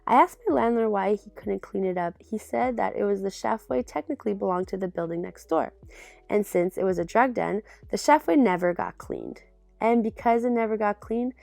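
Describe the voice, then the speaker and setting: A young woman reads a memoir aloud at a middle pitch, her voice carrying a gravelly fry. The recording is dry and close, with faint music running underneath. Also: dry recording. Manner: steady narration with a casual aside. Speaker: reader of a memoir. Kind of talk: reading a book aloud.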